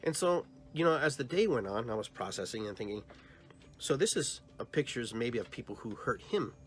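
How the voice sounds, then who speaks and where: A man in his fifties hosting a podcast, rambling softly and heartfelt as he tells a personal story. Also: mid-range voice, animated, brisk. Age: 50s. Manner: rambling, heartfelt, soft-spoken retelling of a dream. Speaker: podcast host.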